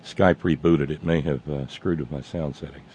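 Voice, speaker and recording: A man's voice: rumbling low, fairly even intonation, normal speed, a little mellow, a little hiss or hum. A male host on a call-in show, taking the call with dry, sarcastic humor. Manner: wry, sarcastic, teasing. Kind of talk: casual call-in talk.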